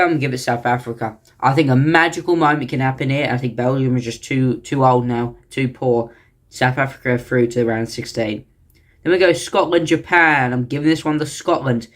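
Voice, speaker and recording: A man giving casual football predictions to camera, chatty and thinking out loud with hesitant restarts. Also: mid-range voice. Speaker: channel host.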